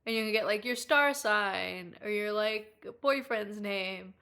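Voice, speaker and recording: A young Irish woman talks casually to her live-stream audience in a bright, forward voice. She giggles often and swears freely. When something delights her, she breaks into excited squeals. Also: mid-range voice, unhurried. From Ireland. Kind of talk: casual chat, reading live chat.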